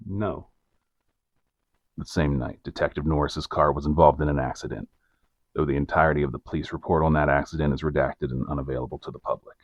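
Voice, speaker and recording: A man co-hosting a podcast, narrating a case in a deadpan, measured true-crime style with a very deep, gravelly voice. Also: no room sound, muffled recording.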